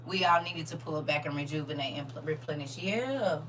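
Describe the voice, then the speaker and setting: A woman hosting a casual livestream, chatting to viewers as "y'all" and answering their comments aloud, with expressive swings from hushed to loud. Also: low-pitched, normal speed, slight background noise. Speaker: livestream host.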